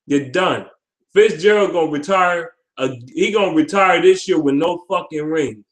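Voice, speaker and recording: A man rants through his football picks in a fairly high voice, cursing freely as he trash-talks. His delivery is casual and animated, with laughter breaking into the rant. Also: moderate pace. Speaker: sports vlogger. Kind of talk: casual trash-talk commentary.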